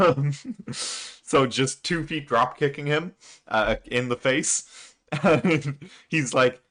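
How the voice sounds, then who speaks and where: Man, casual recap, frequent chuckles, rambling fillers, forceful bright tone. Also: mid-range voice, slow. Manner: chuckles often, loose and rambling with many fillers. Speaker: manga reaction channel host.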